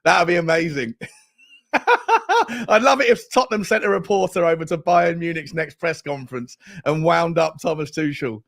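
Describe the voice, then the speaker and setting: An excitable man hosting a casual football fan live stream, with a voice that sits a little high for a man. He laughs often, cheers loudly and greets viewers by name as he reads their comments. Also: moderate pace, creaky. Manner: excitable, laughs a lot, shouts out chat names.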